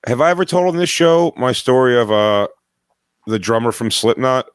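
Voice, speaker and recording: A man's voice: mid-range voice, animated, normal speed, clean tone, dry recording, studio quality. A man hosting a podcast, chatting casually and wryly, telling a rambling story. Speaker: podcast host. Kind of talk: casual chat.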